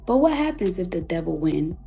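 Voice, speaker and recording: A woman artist delivering an emotional, defiant monologue on a live audio chat, repeating herself for emphasis, swearing freely and sometimes dropping to a hushed whisper. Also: on the low side, big pitch swings, vocal fry, soft background music. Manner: emphatic, defiant, repetitive, profane; slows to a hushed whisper at times. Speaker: recording artist.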